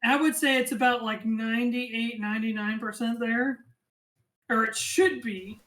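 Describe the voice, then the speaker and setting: A man narrating as game master in a tabletop game, describing scenes in a relaxed way and laughing along. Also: very high voice, unhurried, low-quality recording.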